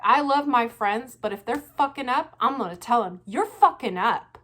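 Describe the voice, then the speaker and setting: A woman vlogging her casual reaction commentary, animated and laughing often, with frequent swearing. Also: fairly high pitch, moderate pace.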